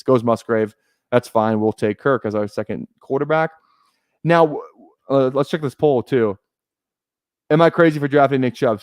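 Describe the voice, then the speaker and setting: A young man chats casually on a live stream, thinking aloud and often restarting his sentences. His voice sits at an average pitch. The recording is dry and close, with no room echo. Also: a little mellow. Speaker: fantasy football streamer.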